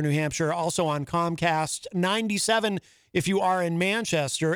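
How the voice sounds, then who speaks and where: A man's voice: high-pitched, clean tone, dry recording. A man hosting a live radio talk show from a studio, chatting in a rambling, self-amused way on a studio microphone. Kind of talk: casual monologue.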